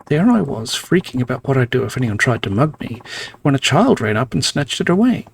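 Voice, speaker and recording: A man voicing a complaining homeless man in a video game, louder and a little higher than his own voice. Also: very animated, brisk, vocal fry, slight background noise. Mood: aggrieved. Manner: louder, slightly raised pitch, indignant.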